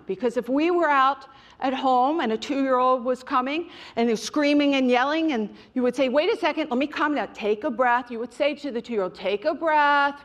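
A middle-aged woman giving a direct, emphatic motivational talk on mindfulness to an audience she calls you guys. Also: on the high side. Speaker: mindfulness speaker.

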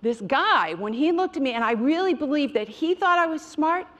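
A woman's voice: high-pitched, very animated, moderate pace, fairly bright tone, highs cut off. A middle-aged woman giving a direct, emphatic motivational talk on mindfulness to an audience she calls you guys. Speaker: mindfulness speaker.

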